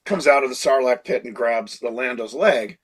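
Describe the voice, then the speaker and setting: Husky older man telling stories. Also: mid-range voice, moderate pace. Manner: animated anecdotes, slips into impressions of people. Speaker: creature designer and puppeteer. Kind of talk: casual interview storytelling.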